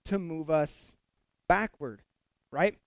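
A man's voice: fairly high pitch, takes it slowly, dry recording. A middle-aged male pastor preaching a sermon in a conversational way, with fillers and repeated words, rising to emphatic peaks.

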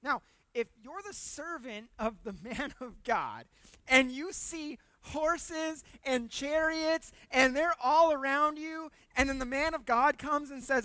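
A pastor giving a conversational sermon with humor, repeating words for emphasis and swinging between loud points and hushed asides. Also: sits high, takes it slowly, no room sound.

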